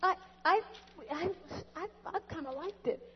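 High-voiced woman host in a reverberant hall. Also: a little slow. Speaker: cooking show host. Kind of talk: comic cooking show skit. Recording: dull recording with long reverb.

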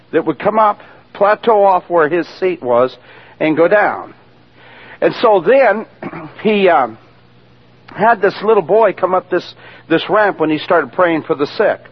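A man's voice: a little high, breathy edge. A man giving a spoken testimony in a preacher's storytelling manner, acting out the voices of the people he quotes. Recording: dull lo-fi radio recording.

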